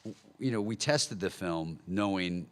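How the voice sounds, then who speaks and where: A man directing a film, answering press questions in a relaxed, wry, understated way at a table microphone. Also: sits low, a little slow. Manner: wry, dry understatement with small laughs. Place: press conference hall.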